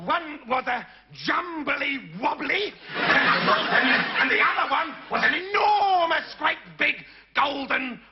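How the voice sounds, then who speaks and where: An actor playing a boastful, bossy stunt showman in a live comedy sketch, shouting to the audience like a ringmaster. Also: very high-pitched, lively intonation, slow pace, hardly any pauses, heavily acted. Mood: flustered. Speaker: comic stunt presenter. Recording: dull lo-fi 1980s TV broadcast with hiss.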